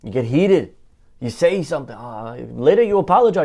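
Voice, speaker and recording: A man speaking as a rabbi in a Torah lesson sermon, animated, asking and answering his own rhetorical questions and repeating phrases for emphasis. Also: a little high, moderate pace, highs cut off.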